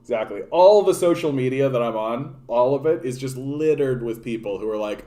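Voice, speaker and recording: Canadian man, political streamer, mid-pitched voice, profane sardonic rambling to chat. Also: moderate pace, few pauses, dark tone. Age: adult, grown since his younger days. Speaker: political livestream host. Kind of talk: casual rant to live chat.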